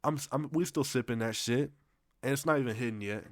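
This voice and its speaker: A man's voice: medium pitch, a little fast, no room sound, clean studio sound. A young man telling a casual storytime in a loose, slangy, profane way, rambling with restarts.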